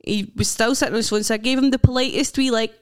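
A young woman with a Scottish accent, co-hosting a podcast and telling animated stories with frequent laughter. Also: a little high, fast, clean tone. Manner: animated storyteller, laughs often. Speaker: podcast co-host. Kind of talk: casual chat.

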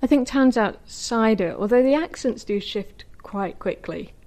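A woman from the Manchester area, co-hosting a podcast in lively, joking conversation. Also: on the high side, unhurried. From Manchester area, England. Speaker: podcast co-host. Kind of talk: casual conversational chat.

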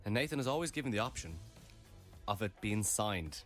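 A man's voice: on the low side, very animated, a bit bright, soft background music. A man co-hosting a radio show in casual chat, laughing easily. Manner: chatty, quick to laugh. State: hungover. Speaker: radio host.

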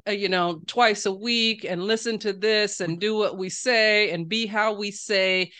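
A woman's voice: mid-range voice, fairly even intonation, unhurried, pushed and bright. A woman guest on a podcast, speaking earnestly and reflectively in a casual conversation.

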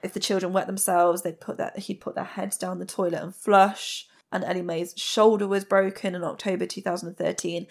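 A woman's voice: fairly low pitch, level tone, a little fast, vocal fry, hardly any pauses. A woman hosting a true crime podcast, recounting a case in a plain-spoken, blunt way with frank asides. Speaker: podcast host.

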